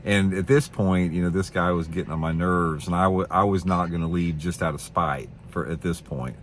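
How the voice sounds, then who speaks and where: A man's voice: deep voice, fairly even intonation, normal speed, slight background noise. A man hosting a fishing channel, telling a story in a casual, rambling way, often repeating himself and sounding indignant. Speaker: fishing show host.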